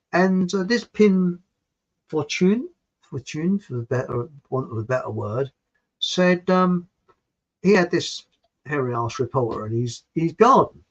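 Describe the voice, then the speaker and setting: Blunt, rambling Englishman with a husky voice. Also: fairly high pitch, animated, unhurried. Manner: blunt, digressive, mildly crude, frequent restarts. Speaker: channel host. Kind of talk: rambling opinion monologue. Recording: dull lo-fi recording.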